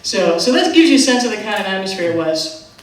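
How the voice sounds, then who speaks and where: A middle-aged woman telling a live personal story on stage, animated and self-mocking, with quick asides. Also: medium pitch. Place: theater stage. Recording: echoey theater from far off.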